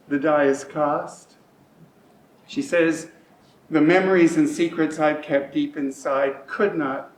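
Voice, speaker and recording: A middle-aged man delivers a rhyming stage monologue slowly and deliberately, his voice sitting a little high for a man. The rhythm carries every line, swinging between hushed and urgent. He is recorded from a distance in an echoey community hall. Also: vocal fry. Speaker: monologue performer. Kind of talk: rhymed spoken-word monologue.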